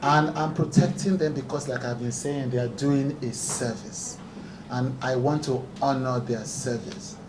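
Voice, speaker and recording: A talk show host at a press conference, this man has a medium pitch and a steady tone, speaking a little slowly yet earnestly and emphatically, with frequent laughter. Background noise and echo come through a far-off microphone.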